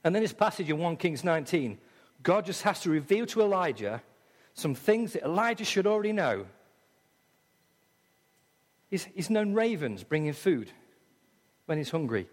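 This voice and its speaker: Preacher with an English accent in a reverberant church. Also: male voice, a little high, very animated, moderate pace, long pauses. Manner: dramatic, acts out voices in quotes, swings loud and soft. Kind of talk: sermon. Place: church hall.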